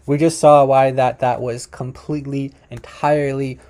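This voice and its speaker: A man's voice: medium pitch, little pitch movement, moderate pace, hardly any pauses, darkish tone. A man hosting a reaction video who talks casually over it and is emphatic when he corrects the claims in it.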